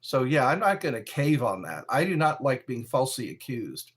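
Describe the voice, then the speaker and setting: A man chatting casually on a live stream from his bedroom, rambling and defensive with drawn-out phrases. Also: medium pitch, sing-song, breathy edge. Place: bedroom at home.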